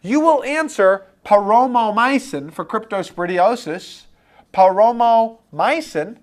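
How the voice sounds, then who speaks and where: A man lecturing for a medical board exam review, animated and playing out imagined student replies. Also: high-pitched, unhurried.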